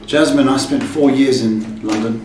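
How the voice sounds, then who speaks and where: A man hosts a live psychic tarot call-in show, reading cards and cheekily teasing his callers. His medium-pitched voice is steady, a little mellow, and at normal speed. He's far from the mic in a roomy, echoing space with music playing behind him.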